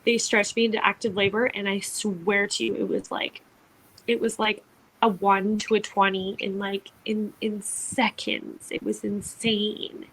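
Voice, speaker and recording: A woman's voice: mid-range voice, level tone, unhurried, a bit bright, slightly rough, poor audio. A young woman co-hosting a podcast, telling a personal story in a chatty way, full of "like" and acted-out quotes. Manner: chatty, lots of "like", acts out quotes. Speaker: podcast co-host. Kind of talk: casual storytelling.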